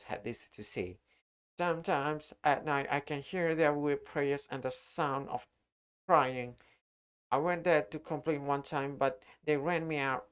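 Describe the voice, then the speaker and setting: A man streaming a horror game live, talking through the play and reading in-game documents aloud. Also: medium pitch. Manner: reads in-game text aloud, unhurried. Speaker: gaming streamer. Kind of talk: live-streamed gameplay commentary.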